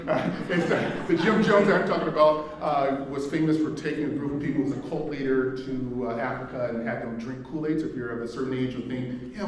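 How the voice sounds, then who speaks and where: A man's voice: mid-range voice, slight background noise. A man from Indiana giving a keynote speech as executive director, conversational and humorous, telling personal stories and asking the audience questions. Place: event hall. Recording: echoey hall, mic far off.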